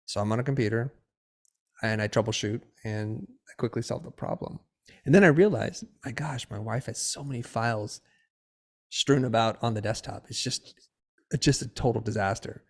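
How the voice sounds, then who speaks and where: A middle-aged man, a podcast guest, telling a personal story in a lively way and acting out the dialogue. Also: mid-range voice, moderate pace. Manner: lively storyteller who acts out quoted dialogue. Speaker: podcast guest, designer and educator.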